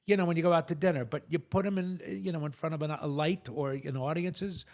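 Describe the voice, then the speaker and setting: A man on a show as a guest, telling stories and jokes in animated conversation with big swings between loud and hushed. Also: on the high side. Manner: animated joke teller, quick shifts between loud and hushed.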